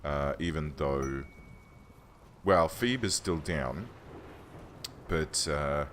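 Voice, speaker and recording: An extremely low-pitched yet fairly bright voice carries this man's very slow, expressive let's play commentary, recorded at home with a little hiss or hum. He chats casually, thinks aloud as he plays, and often corrects himself mid-sentence.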